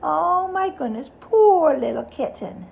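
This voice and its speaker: A woman's voice: high voice, slow, creaky, lo-fi sound. A woman reading a picture book aloud to a child, stopping often to ask questions about the pictures. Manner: animated, asks the child questions.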